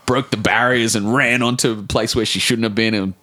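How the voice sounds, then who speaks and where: A man's voice: on the low side, brisk. Rambling Australian man in his forties. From Brisbane, Australia. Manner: rambling, animated, swears casually, many restarts. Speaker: author guest. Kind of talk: casual storytelling interview.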